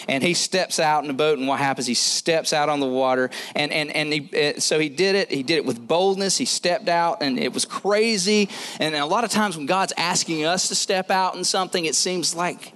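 A man's voice: a little high, normal speed, fairly bright tone, slight background noise. A man preaching a sermon in a conversational way, often repeating phrases for emphasis.

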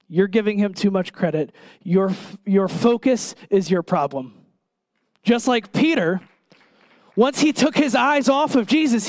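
A man preaching a sermon in an earnest, emphatic way, pausing and putting direct questions to his listeners. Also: sits high, darkish tone, no echo.

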